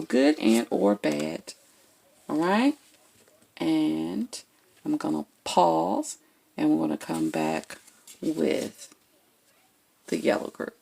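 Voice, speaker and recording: A woman talks viewers through a tarot spread in a casual, blunt way, checking in with "okay?" after nearly every point. Her voice sits a little low and is heavily gravelly, with a lot of fry. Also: darkish tone. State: has the hiccups. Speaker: tarot reader. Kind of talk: casual tarot reading to camera.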